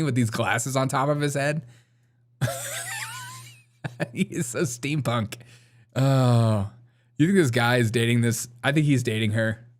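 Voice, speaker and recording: A man co-hosting a comedy show, mocking video clips with frequent laughter. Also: mid-range voice. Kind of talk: casual commentary on video clips.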